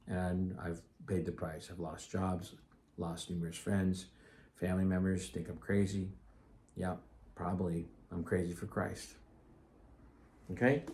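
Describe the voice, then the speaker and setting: A middle-aged man with a low voice and darkish tone hosts his own podcast. He talks solo, casually and earnestly, rambling a little with restarts and asides.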